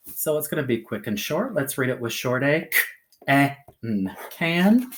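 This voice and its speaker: Guy teaching kids phonics, super up and down voice, slow and patient, lots of okays. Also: mid-range voice. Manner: patient, sounds out letters slowly, frequent "okay" and "alrighty". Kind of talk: phonics lesson for children.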